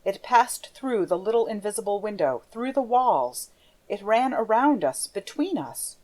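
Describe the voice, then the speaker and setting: A woman narrating an audiobook in a measured, expressive storytelling voice. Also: mid-range voice. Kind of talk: audiobook reading of a classic novel.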